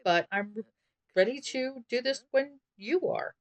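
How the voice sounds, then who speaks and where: A woman voicing a caring young man who calmly reassures his girlfriend in a video game story. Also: high voice, measured pace, pitched above the performer's own voice. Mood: warm.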